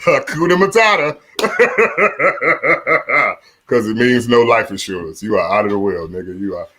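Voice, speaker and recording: A middle-aged man with a deep voice performing stand-up comedy while seated in a room at home. He chuckles at his own jokes and fills his pauses with "uh". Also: pushed and bright. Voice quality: deep voice, often compared to Mufasa.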